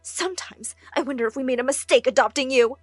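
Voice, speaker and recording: Woman voicing a snippy cartoon mom, brushes her kid off, highish voice. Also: fast, no room sound, soft background music. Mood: dismissive. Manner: scolding, dismissive. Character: doting but unfair mother, dismissive.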